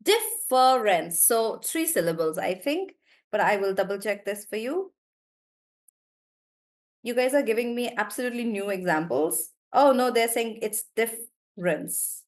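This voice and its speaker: A young woman teaches a live online class, coaching students on syllables while thinking aloud as she checks words and encourages them. Her voice is fairly high-pitched and expressive, and she speaks unhurriedly.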